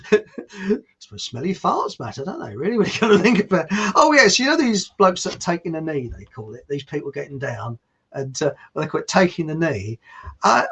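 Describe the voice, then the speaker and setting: A man's voice: high voice, fairly bright tone, husky. A man hosting his own online show in a casual, rambling way, joking and reading out viewer comments. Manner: jokey, laughs at his own quips, reads out viewer comments. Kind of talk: casual rambling live-stream talk.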